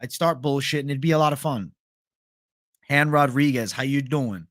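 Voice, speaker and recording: A man's voice: medium pitch, normal speed, fairly bright tone, no room sound, studio quality. A young man hosting a live stream, reading viewer comments in a laid-back, chatty, profane way. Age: young adult. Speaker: host.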